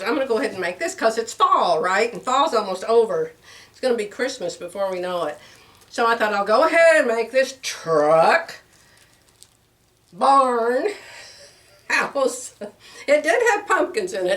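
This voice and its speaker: In a home sewing vlog, an older woman chats casually, rambling and laughing often. Her medium-pitched voice is a bit bright, and because she's far from the mic, the sound is roomy.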